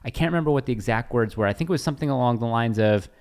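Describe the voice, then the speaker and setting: A man co-hosting a casual podcast, telling an anecdote in an animated way and acting out the dialogue. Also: medium pitch, rapid-fire, clear, resonant tone. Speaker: podcast co-host.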